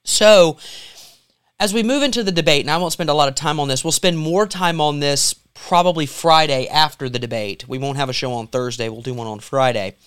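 Smooth-voiced man in joking political chat. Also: fairly high pitch, fairly bright tone, no echo. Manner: quick, joking banter. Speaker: podcast co-host.

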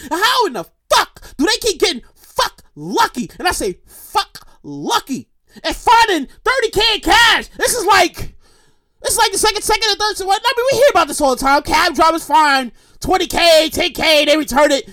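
A woman giving a ranting, comedic news commentary, loud, exasperated and profane, often shouting and running short of breath. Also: very high voice, big pitch swings, normal speed, no room sound, clean studio sound. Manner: acts out others in quoted voices. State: getting breathless, pausing to calm down. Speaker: commentary vlogger.

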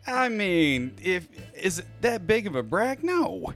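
A man's voice: high voice, sing-song, slow pace, gravelly, a bit bright, faint music behind. An American man co-hosting a podcast in casual banter, joking and arguing back. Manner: joking, contrarian, slips into mock accents. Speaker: podcast co-host.

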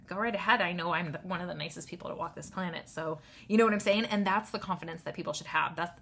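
A woman in her thirties talking through self-help advice in a loose, conversational way, often checking in with "right?" and filling pauses with "um" and "like". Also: on the low side, vocal fry, a bit bright, a little hiss or hum. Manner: conversational, tags points with "right?"; loose, with many fillers. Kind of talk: casual advice talk.

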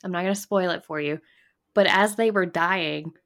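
A woman co-hosting a podcast, talking casually with animated exclamations. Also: on the low side, normal speed. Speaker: podcast co-host.

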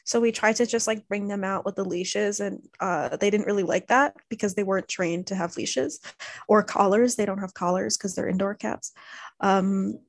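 A woman's voice: mid-range voice, steady tone, normal speed, vocal fry, no room sound. A young woman in casual chat, telling a family story with many fillers and acting out what her relatives said. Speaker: podcast co-host.

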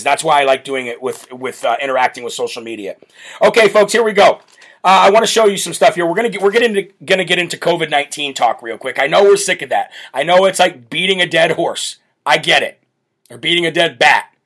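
A man hosting a live political talk show, brash and loud, often breaking into laughter. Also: a little high. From United States. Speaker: show host.

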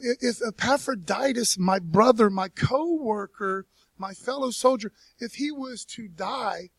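Male pastor, high-pitched, relaxed folksy sermon delivery, dry recording. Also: no room sound. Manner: folksy, peppered with "man" and "you know". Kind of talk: casual conversational sermon. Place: church.

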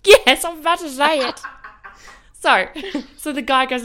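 A woman's voice: sits high, measured pace, fairly bright tone. A young woman co-hosting a podcast, telling a story in casual chat, swearing freely and saying "like" a lot. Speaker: podcast co-host.

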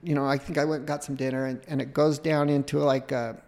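A middle-aged man, a podcast guest, telling a long casual anecdote in a rambling, animated way, often breaking off and restarting. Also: mid-range voice, fast, long reverb tail. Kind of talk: casual storytelling.

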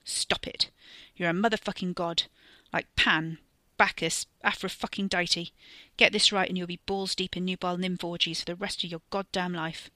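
A man's voice: high voice, level tone, moderate pace, few pauses, pushed and bright, dry recording. A woman voicing a cocky, foul-mouthed male cultist who swears constantly. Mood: cocky, defiant. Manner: crude, boastful, swears constantly.

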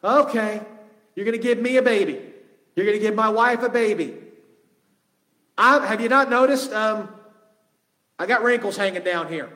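A man's voice: high voice, normal speed, long pauses, sharp tone. A man preaching, voicing an old male priest who answers with sarcastic disbelief. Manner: sarcastic, incredulous. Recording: long reverb of a large hall.

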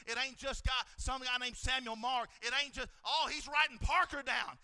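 A man preaching a fervent sermon in a church, repeating phrases and rising into shouts. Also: extremely high pitch, fairly even intonation, moderate pace, few pauses, no echo.

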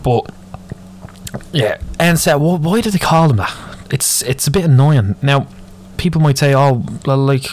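A man's voice: medium pitch, unhurried, a little mellow, slight background noise. Sweary Dublin man ranting. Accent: Irish, Dublin. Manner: moaning, sweary, rambling. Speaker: podcast host. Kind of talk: solo ranting podcast.

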